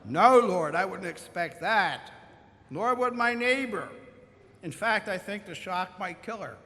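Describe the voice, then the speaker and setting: A woman's voice: mid-range voice, expressive, a little slow, sharp tone. A man voicing a devout, kindly older woman parishioner who talks earnestly and eagerly agrees, heard in a reverberant church. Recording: long church reverb, faint room noise.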